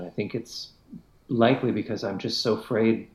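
A man's voice: lowish voice, steady tone, normal speed, darkish tone, reverberant. A man, a classical musician as an interview guest, answering thoughtfully and hedging with many fillers. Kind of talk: conversational interview.

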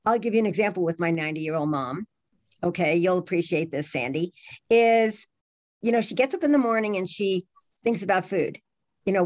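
A middle-aged woman talking in a casual chat, animated, with many restarts and fillers. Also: medium pitch, normal speed. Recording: dull lo-fi sound.

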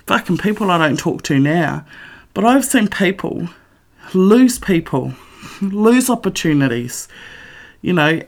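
A woman's voice: fairly low pitch, darkish tone. A middle-aged woman and author giving a blunt, emphatic motivational monologue full of swearing. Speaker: author and vlogger.

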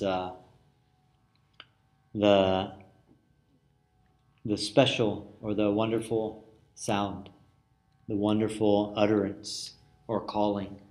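A yoga philosophy teacher with a lowish voice explains word roots in a lesson, speaking slowly and searchingly with many pauses, fillers and restarts. The lesson includes call-and-response chanting, where he chants Sanskrit verse loudly in a sung tone.

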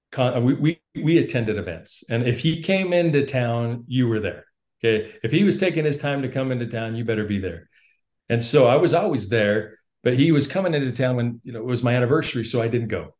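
A man at an ordinary, middle pitch, talking as a guest on a podcast. He tells a story with animated energy and laughs now and then. He often repeats a word or two before a sentence gets going. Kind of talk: storytelling in casual conversation.

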